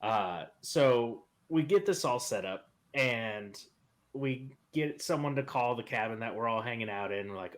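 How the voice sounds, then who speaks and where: A man's voice: medium pitch, a little slow. A man casually telling a workplace story on a podcast, laughing as he goes. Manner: animated, laughing through his own story. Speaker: podcast panelist.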